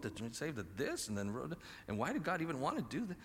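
A man's voice: on the high side, big pitch swings, fast talker, few pauses, fairly bright tone. A man preaching a conversational sermon and asking the audience questions. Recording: reverberant large hall.

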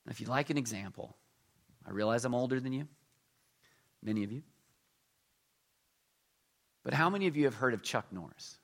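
A middle-aged man delivering a sermon with a humorous storyteller's touch. He leans hard into his punchlines, then drops to near-quiet asides. His voice sits at an ordinary male pitch. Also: animated, moderate pace, gravelly, pauses often. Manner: humorous storytelling, swings between loud emphasis and quiet asides. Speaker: pastor.

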